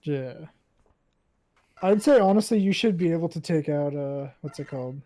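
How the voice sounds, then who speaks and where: A man chatting casually alongside a game stream, relaxed and giving advice. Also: a little high, moderate pace. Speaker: co-commentator. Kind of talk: casual gameplay chat.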